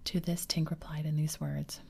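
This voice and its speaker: A woman reading a children's story aloud in a slow, soothing ASMR whisper. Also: deep voice, level tone, warm tone. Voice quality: breathy whisper.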